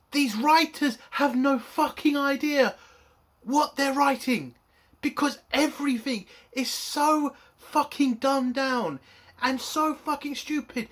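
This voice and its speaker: A man's voice: very high voice, slow, a bit bright. A man reviewing a TV episode in an angry, profane rant. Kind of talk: spoken TV review.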